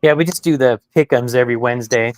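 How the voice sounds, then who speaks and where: A man joining a casual panel chat as a guest, chatty and quick to laugh. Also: medium pitch, a little hiss or hum.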